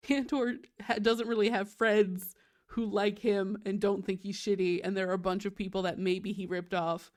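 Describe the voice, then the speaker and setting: A woman's voice: medium pitch, flat delivery, moderate pace, a little mellow. A woman hosting a podcast, recapping a show in chatty casual talk packed with "like". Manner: chatty, fills with "like" constantly. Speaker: podcast host.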